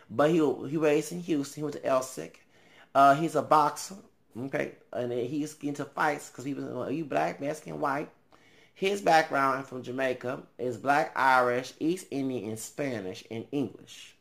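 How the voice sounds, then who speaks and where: A man vlogging in a casual, rambling monologue. He thinks aloud with many ums, trails off, then bursts out louder. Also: mid-range voice, creaky.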